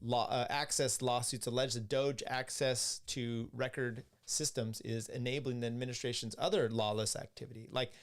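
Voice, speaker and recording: A man's voice: medium pitch, steady tone, moderate pace, hardly any pauses. A man hosting a political podcast, reading articles and viewer questions aloud and commenting in a blunt, rambling way with many restarts and some swearing. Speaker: podcast host.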